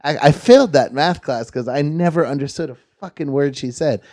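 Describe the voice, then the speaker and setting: A man's voice: fairly high pitch, a little fast, darkish tone, no room sound. A man, telling stories in casual chat and swearing freely. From Georgia, USA. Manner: laid-back storyteller, swears freely.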